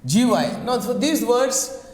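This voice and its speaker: Slow-talking male teacher in echoey room. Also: very high-pitched, expressive, a little mellow, slight background noise. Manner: slow, repetitive, drills words aloud. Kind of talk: classroom lecture on word stress. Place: classroom. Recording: echoey classroom with long reverb.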